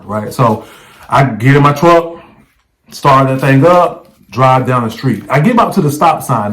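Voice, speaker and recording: A man's voice: medium pitch, rough recording. Casual man telling a story to camera. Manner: conversational, checks in with the viewer by asking "right?". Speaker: vlogger. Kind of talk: casual first-person storytelling.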